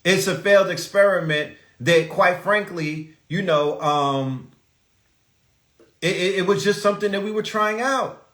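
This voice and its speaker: A man's voice: high-pitched, unhurried, a bit bright. Preachy, profane man in an echoey room. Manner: profane, preachy, rhetorical questions. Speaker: podcast host. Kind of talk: live-stream rant.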